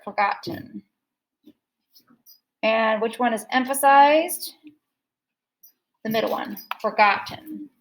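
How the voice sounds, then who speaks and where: A high-pitched woman teaches a phonics lesson to young students. She says each word slowly and again and again to stress the right syllable. A faint hiss sits under her voice. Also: fairly bright tone, rough recording. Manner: slow, repeats words to stress syllables. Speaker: second grade teacher.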